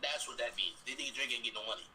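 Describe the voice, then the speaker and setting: A man talks live on a stream with a very bright, sharp tone, with a faint hiss of noise behind him. His banter is mocking and full of slangy trash talk. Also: medium pitch, steady tone, very fast, rough recording. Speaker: livestreamer.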